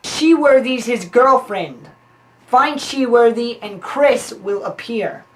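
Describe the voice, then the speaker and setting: A woman playing a rambling, scheming female informant who tells long stories in a deadpan way. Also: a little high, takes it slowly, low-quality recording. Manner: long-winded, deadpan storytelling.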